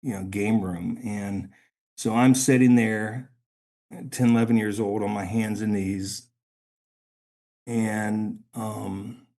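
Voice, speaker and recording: A middle-aged man, a podcast guest, telling a personal story in a halting, emotional way, often repeating words. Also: on the low side, fairly even intonation, dark tone.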